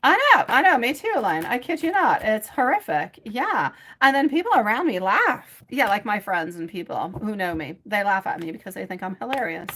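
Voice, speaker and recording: A woman hosts a live tarot stream, chatting loosely with her viewers. Her voice is bright and clear, sitting at an ordinary middle pitch. She rambles, laughs often and showers people with pet names like sweetie and my love. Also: sing-song, moderate pace, hardly any pauses. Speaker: tarot reader.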